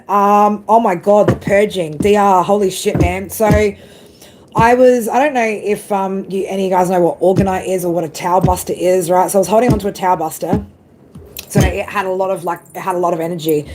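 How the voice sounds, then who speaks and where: A woman chatting casually on a live stream, telling a story with lots of swearing and lively asides. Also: mid-range voice. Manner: swears a lot, animated storytelling. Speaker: tarot reader.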